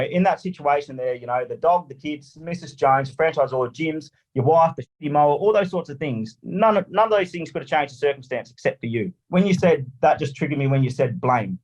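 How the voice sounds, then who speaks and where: An Australian man telling a story on a podcast, animated and swearing, acting out little scenes. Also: on the high side, brisk, few pauses, highs cut off. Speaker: lawn mowing franchisee guest.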